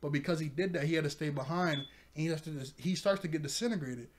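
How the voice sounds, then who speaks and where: A man's voice: on the high side, quick pace, slight background noise. A man casually recapping an anime episode at home in front of a TV, rambling, often laughing and correcting himself. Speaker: anime reviewer. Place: room with a TV.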